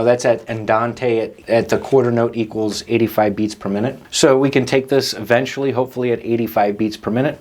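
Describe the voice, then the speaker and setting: A man's voice: medium pitch, a little mellow. Man teaching drums, counting aloud. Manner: friendly and patient, counting beats aloud. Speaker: drum teacher and host. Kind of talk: online drum lesson.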